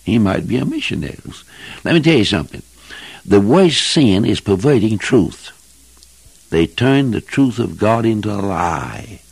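An older man preaching a fervent old-time sermon, emphatic and husky, with King James phrasing. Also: on the low side, big pitch swings, unhurried, dry recording. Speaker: evangelist preacher.

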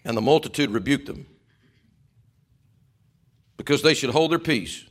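A man preaching a sermon, swinging from loud shouting to hushed whispers. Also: medium pitch, lively intonation, unhurried. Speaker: pastor.

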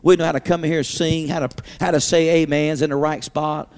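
A man preaching a revival sermon in a church auditorium, passionate and repetitive, swinging between shouts and hushed pleading. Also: a little high, little pitch movement, fairly quick, clean tone, long reverb tail.

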